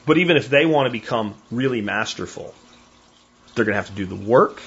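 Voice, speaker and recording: A middle-aged podcast host talks a little fast in a mid-range, slightly rough voice. Telling stories casually in a monologue, he's an animated narrator who acts out quoted voices. The recording comes across as dull and lo-fi.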